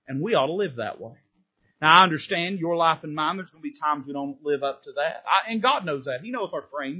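A pastor preaching a fervent sermon from the pulpit, pushing harder on key points in a folksy style. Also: male voice, sits high, bright, forceful tone, slightly rough. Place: church sanctuary from the pulpit. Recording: dull, lo-fi sermon recording.

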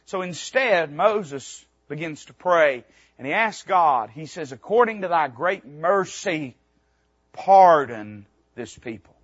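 A man preaching a sermon from the pulpit, reading scripture aloud and retelling it plainly, swinging from loud emphatic peaks to quiet low passages. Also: lively intonation, measured pace, breathy edge, no room sound, muffled recording. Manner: reads scripture aloud in King James wording, then retells it plainly. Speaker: pastor. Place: church sanctuary.

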